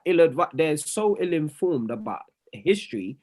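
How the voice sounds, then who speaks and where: A man, arguing animatedly in a casual podcast discussion, swinging between quiet and loud. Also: medium pitch, animated, moderate pace.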